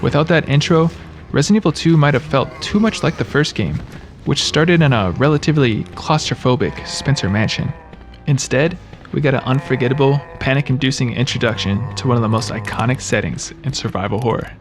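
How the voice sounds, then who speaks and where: A man's voice: mid-range voice, brisk, soft background music. A man giving scripted video-game trivia narration, with wry, joking asides.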